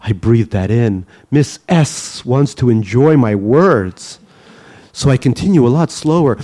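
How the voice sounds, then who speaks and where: A man's voice: mid-range voice, expressive, normal speed, mellow. A man from the Soviet Union reading his memoir aloud to a live audience, with a wry, self-mocking delivery. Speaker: storyteller.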